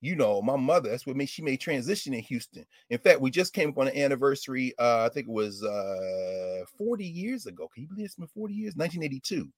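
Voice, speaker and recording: A man talking in an impassioned casual conversation, swinging from loud outbursts to low murmurs, laughing often and cursing. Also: expressive, fast talker, few pauses, dry recording, clean studio sound. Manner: uses street slang and curses.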